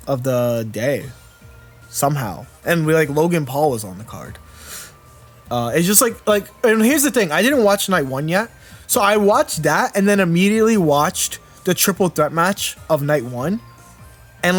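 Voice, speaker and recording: A young man in his twenties doing casual live-stream commentary on a card game. He rambles, restarts his sentences and answers chat as he goes. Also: a little high. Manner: rambling, self-interrupting, chatty with viewers.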